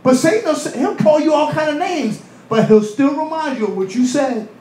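A man preaching a sermon in a church, animated, acting out voices and laughing in asides. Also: extremely high pitch, normal speed, roomy sound, a little hiss or hum, low-quality recording. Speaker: pastor. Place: church hall.

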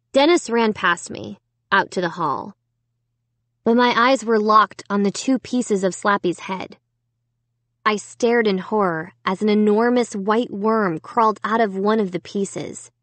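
A woman's voice: mid-range voice, dry recording. A woman narrating a children's horror book in the first person, reading steadily and with suspense. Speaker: audiobook narrator.

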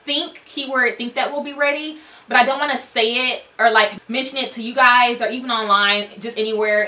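A woman's voice: a little high, sharp tone. A young woman vlogger chatting candidly to camera in a casual, rambling way, full of likes and ums.

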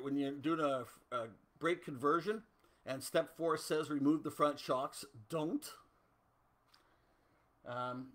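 A man's voice: fairly high pitch, a bit bright. A middle-aged man from Canada hosting a casual livestream, chatting loosely and answering viewer comments. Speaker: host.

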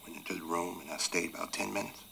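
A remorseful runaway on a raft speaks in a very low, gravelly rural Southern voice with a bright, forceful tone. He talks slowly and from the heart, sinking into near-whispers. A faint hiss of night ambience sits under him. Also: flat delivery, full character voice. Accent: Southern US rural dialect. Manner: slow heartfelt storytelling, drops to hushed whispers. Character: runaway grown man on a raft, tender, remorseful. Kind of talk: 1980s TV film drama acting.

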